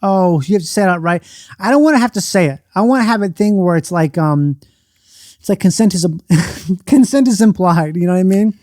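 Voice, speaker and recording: A man's voice: high-pitched, expressive, fairly quick, dark tone, no room sound, clean studio sound. A man chatting casually as a podcast guest, rambling and jokey, poking fun at himself. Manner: rambling, jokey, self-mocking. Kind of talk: casual chat.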